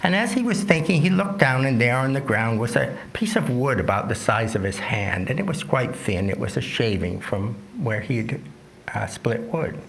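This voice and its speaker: Brief: middle-pitched male teacher, gravelly, unhurried storytelling at a dharma talk, faint background noise. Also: expressive. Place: talk at a retreat center.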